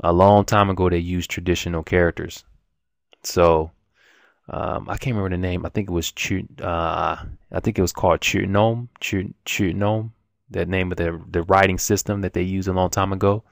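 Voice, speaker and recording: A man's voice: low-pitched, flat delivery, fairly quick, gravelly, no echo, studio quality. A man giving a casual, rambling language lesson at his computer, full of restarts and fillers. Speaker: language teacher.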